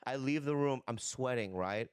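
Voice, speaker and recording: A man in casual podcast chat, an animated storyteller who swears freely and acts out scenes. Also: medium pitch, normal speed, smooth, no echo. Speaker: podcast guest, comedic actor.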